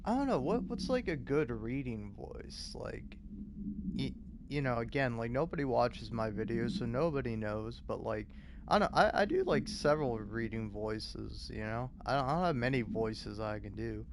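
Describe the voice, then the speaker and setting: A man's voice: mid-range voice, expressive, moderate pace, noisy background. A young man casually narrating gameplay, often swearing, stammering and mocking himself, recorded at a home setup. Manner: exasperated, stammering, self-mocking. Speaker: gaming channel host. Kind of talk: casual profane gameplay commentary.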